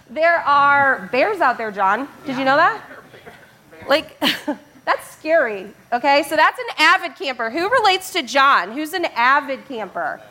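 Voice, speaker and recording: A woman's voice: sits high, big pitch swings, slow pace, bright, forceful tone. A woman teacher leading a family church service on stage, playful and laughing as she talks straight to the crowd. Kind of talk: lively family sermon talk.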